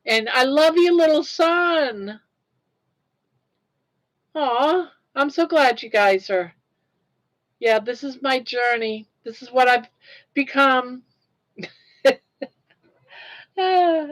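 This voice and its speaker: An older woman hosts her own live stream, chatting casually and reacting out loud to viewer comments. Her voice is a little high, and the recording is low quality.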